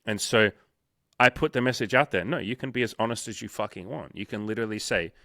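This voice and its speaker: Young man, dating coach host, blunt and profane, bright forceful voice, dry close sound, slightly low pitch. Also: quick pace, creaky, no echo. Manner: blunt, profane, animated storytelling with acted quotes. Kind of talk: casual interview chat.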